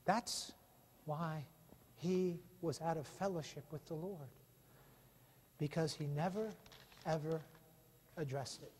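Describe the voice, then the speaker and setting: A man's voice: on the high side, very animated, a little slow, long pauses, husky. A male pastor preaching an impassioned sermon full of rhetorical questions in a church sanctuary. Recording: long reverb of a church hall.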